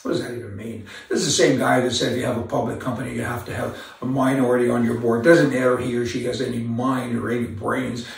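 A man's voice: medium pitch, little pitch movement, quick pace, gravelly, hardly any pauses. A man hosting an opinionated commentary monologue, rambling and sarcastic, with asides and repeated words. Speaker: commentary host. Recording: very echoey room, voice from a distance.

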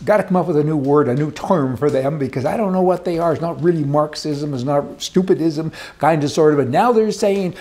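A man's voice: on the high side, fairly quick, hardly any pauses, warm tone. A man giving opinionated political commentary in an emphatic, rambling rant, talking indoors beside a fireplace.

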